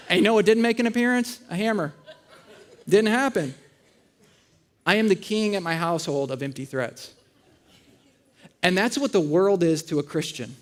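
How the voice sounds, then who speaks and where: A man in his thirties preaching a conversational sermon, telling funny family stories and acting out voices. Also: high voice. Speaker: pastor. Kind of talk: sermon with storytelling. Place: church auditorium.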